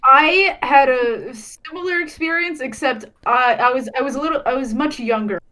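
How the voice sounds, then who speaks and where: A woman's voice: high-pitched, normal speed, bright, forceful tone. A young woman in casual podcast chat, telling a story hesitantly with many ums.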